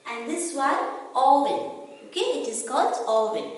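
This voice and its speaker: Brief: woman with an Indian English accent, kindergarten teacher, high and very lively voice, spells each word out slowly. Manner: slow, spelling letters out and stressing each vowel, asking questions to children. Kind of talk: recorded phonics lesson for young children. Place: classroom or school room. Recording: echoey room, voice from a distance.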